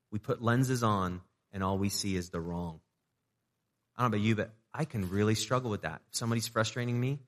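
A man's voice: medium pitch, fairly bright tone, big-room sound. A man preaching a sermon as a pastor, talking conversationally, asking the audience rhetorical questions and repeating words as he restarts.

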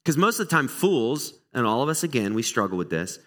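Brisk and mid-range in voice, this middle-aged pastor preaches a sermon that feels like a conversation. He shares stories about himself with candid, animated, self-deprecating energy.

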